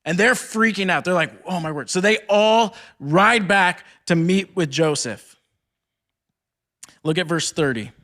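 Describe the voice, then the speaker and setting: A man's voice: high-pitched, unhurried, bright, forceful tone. A young man giving a retreat sermon, reading scripture aloud and then retelling it in casual, chatty speech full of "like". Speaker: speaker at a campus ministry retreat.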